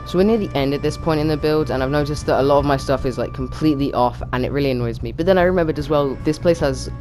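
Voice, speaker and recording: Fast-talking young man narrating a build. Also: a little high, music in the background. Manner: chatty, quick, with many fillers. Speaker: YouTuber narrating a build challenge. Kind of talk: casual gaming commentary.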